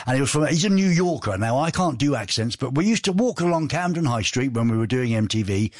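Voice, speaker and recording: Husky, lively male radio host. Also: mid-range voice, fast, no room sound, clean studio sound. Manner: chatty, rambling, jokey. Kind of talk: casual radio chat, reading listener messages. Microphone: studio microphone.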